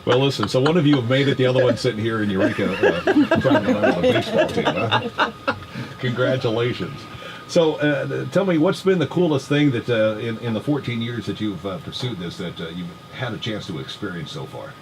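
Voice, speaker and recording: A man runs a morning radio show from the studio, joking and teasing his way through a phone chat. His voice sits at an ordinary pitch, and a faint hum stays behind it. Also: animated, fairly quick. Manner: jokey, teasing, chatty. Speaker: radio host.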